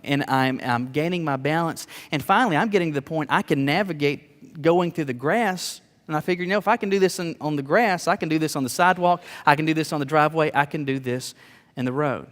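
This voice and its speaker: A male pastor delivering a sermon, his fairly high voice rising and hammering each warning. He relaxes into easygoing storytelling between points. The sound rings with the long reverb of a large hall. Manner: emphatic preaching with a storytelling aside.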